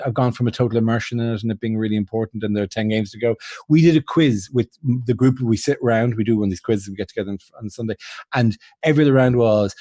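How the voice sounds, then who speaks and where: A man's voice: mid-range voice, mellow, dry recording. A man, chatting casually on a video call and telling stories in a rambling, self-mocking way, laughing at himself and restarting sentences. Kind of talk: casual chat on a charity livestream.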